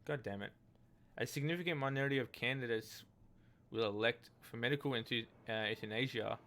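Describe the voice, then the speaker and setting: A man's voice: mid-range voice, fairly quick, fairly bright tone. A man giving casual gameplay commentary, reading in-game texts aloud in a rambling, hesitant way with many restarts. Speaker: let's play gamer.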